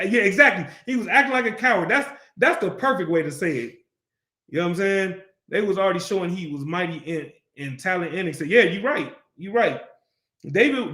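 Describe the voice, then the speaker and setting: A man's voice: sits high, a bit bright, roomy sound. A man teaching a Bible class, keeps asking the class questions and acts out the story in street slang.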